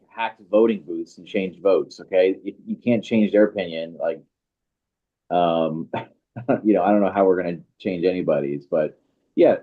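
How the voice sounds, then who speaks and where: A man co-hosting a casual livestream, sounding skeptical and hesitant, with many "you know"s. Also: deep voice. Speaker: co-host. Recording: dull lo-fi audio.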